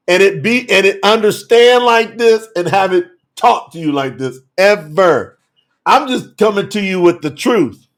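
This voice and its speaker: An exuberant man teaching scripture in an animated preaching style. His voice sits high and swoops widely as he laughs and calls out to his viewers by name. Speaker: scripture teacher hosting a telethon session.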